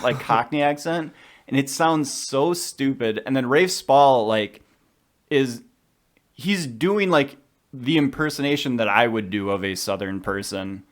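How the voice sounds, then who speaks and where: Chatty opinionated man. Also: medium pitch. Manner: chatty, opinionated, quick asides. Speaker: podcast co-host. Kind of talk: casual film discussion.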